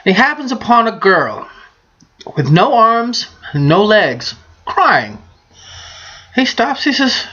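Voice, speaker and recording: A brash woman vlogger who tells crude jokes over a beer. Her voice is bright and swoops around a lot. The sound is dull and lo-fi. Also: fairly high pitch, big pitch swings, slow, pauses often. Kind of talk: casual beer-drinking vlog with bawdy jokes.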